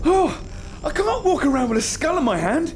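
Flustered, high-voiced man. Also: normal speed, over music. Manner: flustered and excitable. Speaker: guitar teacher.

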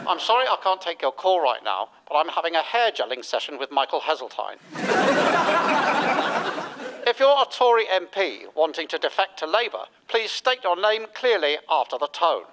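A man's voice: fairly high pitch, very animated, normal speed, noisy background. An actor playing a male party leader who speaks in the sing-song delivery of a recorded phone message in a satirical radio sketch. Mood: chirpy. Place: studio before a live audience.

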